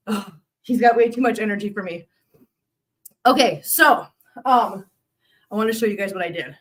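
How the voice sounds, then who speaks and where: A woman hosting a casual live stream, chatty and quick to laugh, often talking to her cats. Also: medium pitch, a bit bright, far from the mic.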